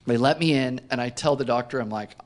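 A man as an interview guest, telling a self-mocking personal story in casual conversation with lively delivery. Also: medium pitch, fast talker. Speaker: company co-founder, interview guest.

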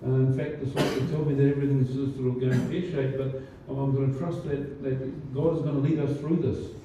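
A man's voice: mid-range voice, level tone, fairly quick, noisy background. A man preaching a sermon as pastor, talking in a conversational way with many fillers and restarts. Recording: distant, roomy, dull church recording.

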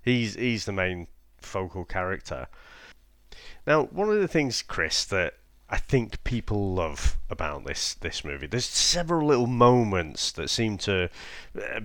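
Low, smooth-voiced man reviewing a film. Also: fairly bright tone, no echo. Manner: laughs often, measured with many fillers. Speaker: podcast co-host. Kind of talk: casual film review chat.

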